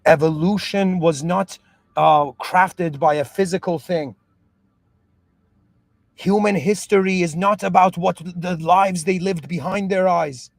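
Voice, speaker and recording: A man's voice: sits high, a little slow, creaky, no room sound. A man who moved to Canada as a child, talking earnestly in a reflective monologue, restarting often and checking that the listener understands. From moved to Canada at seven. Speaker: podcast host.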